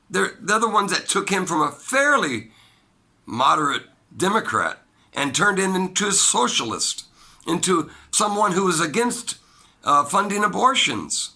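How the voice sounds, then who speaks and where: A man talking alone into the mic, giving a political opinion monologue in an emphatic way, jumping from loud high bursts to low quiet asides. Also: vocal fry. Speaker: political commentator.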